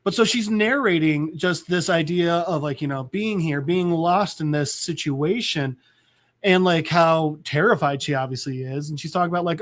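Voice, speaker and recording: A man's voice: a little high, normal speed, a bit bright. A man hosting a podcast, casually retelling a comic book scene with many restarts and "like"s. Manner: rambling, full of "like" and restarts. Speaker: podcast host.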